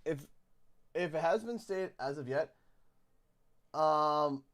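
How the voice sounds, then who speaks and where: A man's voice: on the high side, expressive, slow, a bit bright. A man with a Canadian accent, casually commentating a live gaming stream and rambling to himself as he clicks through menus.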